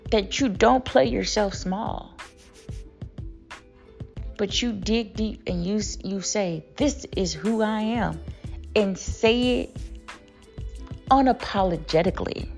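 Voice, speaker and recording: A woman's voice: mid-range voice, slow, gravelly, long pauses, faint music behind. A woman host reciting a list of bold self-affirmations, then encouraging listeners in casual, emphatic talk.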